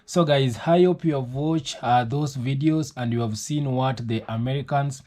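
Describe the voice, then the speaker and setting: A man hosting a reaction channel, talking in a halting way with many fillers. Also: medium pitch, a little mellow. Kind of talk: casual reaction commentary.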